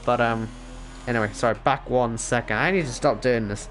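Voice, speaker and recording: A man's voice: medium pitch, a little fast, fairly bright tone, a little hiss or hum. A Northern Irish man casually commentating an online race league stream, rambling, joking at his own expense and reading out chat messages.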